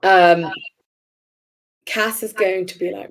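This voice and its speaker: Woman player, super slow, gravelly low voice, lots of ums. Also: animated, poor audio. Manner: hesitant, many ums. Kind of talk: casual tabletop play, in character.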